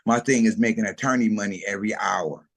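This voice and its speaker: A man's voice: on the low side, fairly quick, gravelly, slightly rough. A middle-aged man telling his food business story in a casual interview, acting out the voices of people he quotes. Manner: animated storyteller, acts out quotes, slangy. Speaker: food truck owner, guest.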